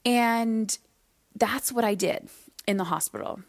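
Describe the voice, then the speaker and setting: A woman hosting her own podcast, telling personal stories in a candid, conversational way and slowing down to stress key points. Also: a little high, vocal fry, no echo, clean studio sound. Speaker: podcast host. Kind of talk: solo podcast monologue.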